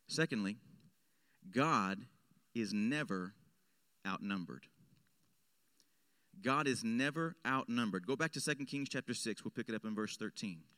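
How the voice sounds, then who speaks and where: A man preaching a sermon as pastor, swinging between loud emphatic lines and hushed low ones. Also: no room sound. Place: church.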